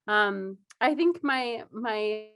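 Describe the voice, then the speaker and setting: This is a young woman with a high voice, co-hosting a casual podcast chat. She tells her stories with lots of energy, slips into quoted voices and laughs often. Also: a bit bright. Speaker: podcast co-host.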